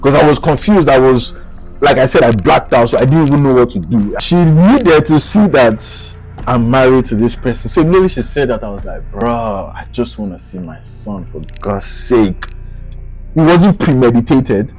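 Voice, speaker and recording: A young man with a Nigerian accent recounts a personal story straight to camera in a casual vlog. His voice sits in an ordinary middle pitch, sometimes sinking low and quiet, then lifting with excitement. Faint music plays in the background. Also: fairly quick, rough recording. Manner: animated, swings between hushed and excited retelling. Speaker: vlogger.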